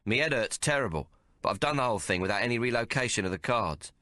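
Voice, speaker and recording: A man narrating an audiobook in the first person with rough, colloquial frontier dialect. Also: medium pitch, expressive, fast talker, pushed and bright, no room sound, clean studio sound.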